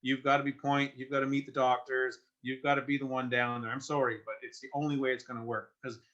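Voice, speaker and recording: A middle-aged man, telling a personal story as a guest in earnest, halting conversation with restarts. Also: mid-range voice, level tone, a bit bright. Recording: muffled lo-fi sound.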